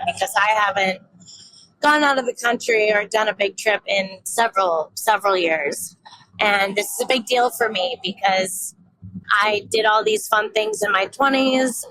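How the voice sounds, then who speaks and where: A woman's voice: medium pitch, poor audio. A woman in her thirties talking candidly and rambling in a casual personal vlog, swearing freely and poking fun at herself. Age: 30s. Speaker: vlogger.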